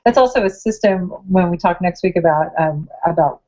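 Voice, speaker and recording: A woman's voice: on the low side, a little fast, darkish tone. A woman co-hosting a podcast, chatting casually and telling stories while she is sick. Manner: chatty, laughing storyteller. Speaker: podcast co-host, writing coach. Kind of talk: casual chat. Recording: slightly muffled sound.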